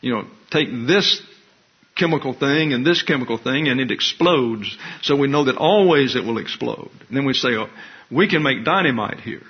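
A man's voice: mid-range voice, expressive, normal speed, slightly rough. A man pastor giving an expository sermon, teaching in a wry, conversational way with asides. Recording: dull lo-fi recording.

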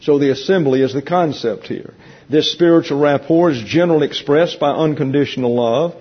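A man leading a Bible class, teaching in a teasing, conversational way and explaining points slowly to a room of listeners. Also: on the high side, slightly rough. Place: church classroom with an audience. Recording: dull lo-fi recording.

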